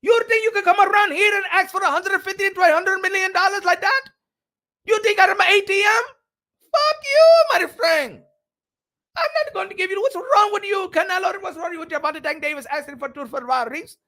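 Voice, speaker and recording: Brief: an outraged rich boxing financier, middle-aged, shrill and shouting, firing scolding questions. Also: male voice, fairly quick, heavily acted. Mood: indignant.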